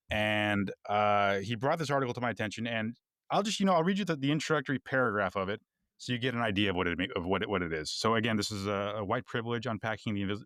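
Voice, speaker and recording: Man from Texas, podcast co-host, low voice, rambling easy talk, dry close sound. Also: a bit bright, dry recording. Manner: rambling with many restarts, chuckling asides. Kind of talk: casual conversational podcast.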